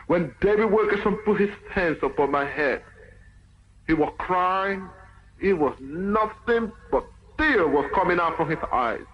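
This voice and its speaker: Man, high voice, impassioned testimony sermon, echoey muffled recording. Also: animated, normal speed, slight background noise. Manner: impassioned, storytelling, acts out quotes. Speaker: evangelist giving testimony.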